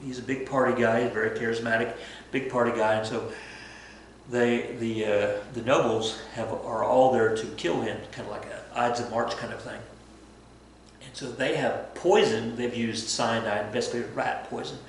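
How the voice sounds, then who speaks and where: A male history teacher telling a story to his students in a chatty, animated way, acting out bits of dialogue. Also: mid-range voice, moderate pace, very echoey, slight background noise, poor audio. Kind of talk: casual storytelling lesson.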